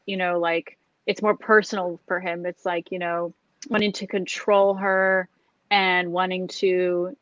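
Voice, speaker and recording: A woman's voice: fairly low pitch, flat delivery, a little slow, a bit bright, dry recording, dull audio. A woman co-hosting a film review podcast, talking casually with frequent fillers and laughs. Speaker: podcast co-host.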